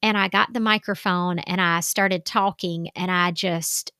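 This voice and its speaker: A woman's voice: lowish voice, steady tone, measured pace, sharp tone, smooth, dry recording, studio quality. A woman in her forties with a Southern US accent, a life coach talking candidly and self-deprecatingly to viewers, with plenty of fillers. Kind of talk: casual talk to camera.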